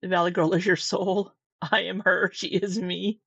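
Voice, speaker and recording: A woman's voice: lowish voice, level tone, moderate pace, vocal fry, fairly bright tone, slightly rough, no room sound. A middle-aged woman doing casual reaction commentary, teasing, sarcastic and freely profane. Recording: dull, dry, slightly lo-fi sound.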